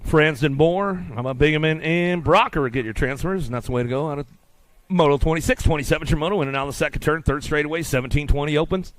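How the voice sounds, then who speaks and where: A male announcer calls live BMX races in rapid, rhythmic patter at an outdoor track, rattling off riders and moto numbers. His voice sits somewhat high and comes through clean and crisp. The microphone catches it close and dry. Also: no room sound. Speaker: race announcer. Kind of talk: live BMX race commentary.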